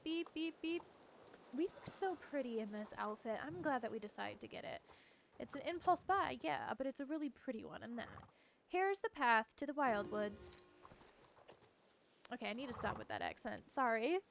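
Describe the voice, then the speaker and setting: Woman streamer, giddy chat, high bouncy voice, game music behind. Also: very animated, fairly quick, creaky, slight background noise, rough recording. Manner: giddy, chatty. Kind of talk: casual gameplay chat.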